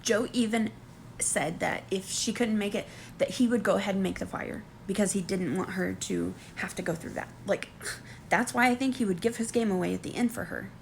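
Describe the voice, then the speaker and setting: Animated woman with a gravelly edge. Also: mid-range voice, fairly quick, a little hiss or hum. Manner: animated, excitable, jumps to squeals. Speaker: reality show recap vlogger. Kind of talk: casual recap vlog.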